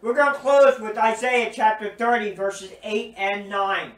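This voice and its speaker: A high-pitched man preaches slowly and earnestly, leaning on repetition for emphasis. He sounds set back from the mic in a roomy, echoing space. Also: steady tone, a bit bright. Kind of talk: recorded sermon teaching. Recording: roomy echo, distant from mic.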